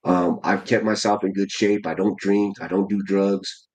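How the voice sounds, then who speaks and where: A man in his forties with a low, husky voice talks casually about his training. He drops slang, calls the listener "bro" constantly and often stops and restarts his sentences. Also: little pitch movement, normal speed, darkish tone, poor audio. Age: 40s. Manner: slangy, keeps saying "bro", many restarts. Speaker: amateur heavyweight boxer, guest. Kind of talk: casual interview storytelling.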